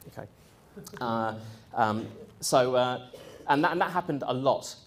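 Brief: man, mid-range voice, animated first-person anecdote for a room, laughs often, loose and chatty. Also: mid-range voice, unhurried, slight background noise. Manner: animated, breaks into laughter, mimics people he quotes; frequent ums and uhs, conversational. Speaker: speaker recounting his experience. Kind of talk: anecdotal storytelling to a live audience.

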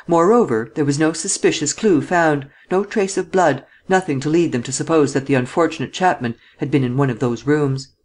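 Measured male audiobook narrator. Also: fairly high pitch. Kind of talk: scripted narration.

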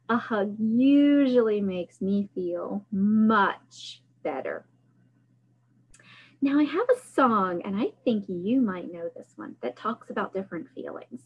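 A woman's voice: medium pitch, sing-song, a little slow, dull audio. A woman hosting a library storytime, singing action songs and coaching young children through gestures. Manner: cheerful, sing-song, coaching kids through motions.

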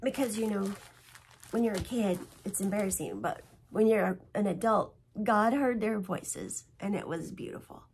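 A woman's voice: mid-range voice, moderate pace, darkish tone, breathy edge. A woman hosting her own stitching vlog, talking in a chatty, rambling and emotional way as she shows her projects at home. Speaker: flosstube host. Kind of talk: casual show-and-tell chat.

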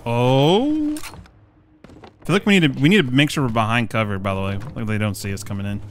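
A man's voice: mid-range voice, animated, brisk, slight background noise. A man playing a multiplayer game with a friend, giving hyped, profane callouts. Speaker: gaming teammate. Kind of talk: casual gaming chat.

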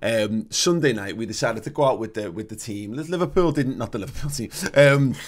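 A man's voice: mid-range voice, lively intonation, fairly quick. A man, co-hosting a podcast in casual chat, ranting and swearing with many restarts. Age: 30s. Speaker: podcast co-host.

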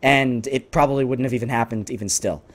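A young man giving excitable, frustrated commentary over his own gameplay, yelling and trash-talking opponents. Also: mid-range voice, a little fast. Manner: sarcastic trash talk. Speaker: gaming YouTuber.

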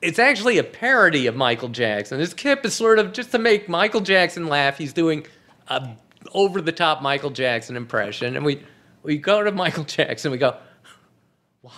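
A man's voice: a little high, sing-song, normal speed, bright, forceful tone. A man, a comedy writer, telling anecdotes as a podcast guest in a wry, joking way and laughing at his own punchlines. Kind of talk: anecdotal storytelling.

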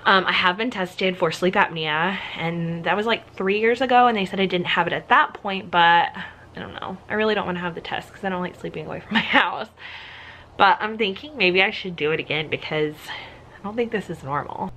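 A woman's voice: fairly low pitch, brisk, bright, forceful tone, a little hiss or hum. A young woman chatting casually to her camera at home in a rambling way, full of "like"s, out of breath at times. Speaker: vlogger. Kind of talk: casual vlog chat. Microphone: handheld camera.

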